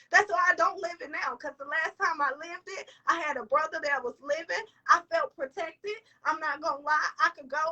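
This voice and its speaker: A woman's voice: very high-pitched, bright, forceful tone, distant mic, poor audio. A young woman vlogger giving an emotional motivational talk, tearful and sniffling, repeating lines for emphasis. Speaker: vlogger and entrepreneur.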